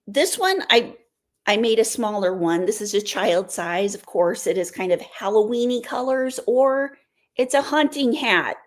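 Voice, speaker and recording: Slow-talking American woman chatting on a live stream. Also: a little high, expressive. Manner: chatty, rambling, reads viewer comments aloud and answers them. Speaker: livestream host. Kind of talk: casual chat on a live stream.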